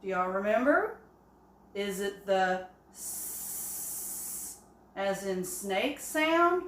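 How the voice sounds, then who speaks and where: Woman teacher, patient and encouraging, slow delivery, echoey classroom-style sound. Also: mid-range voice, a little hiss or hum. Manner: slow, encouraging, with drawn-out examples. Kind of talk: early-grade phonics lesson. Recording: echoey room.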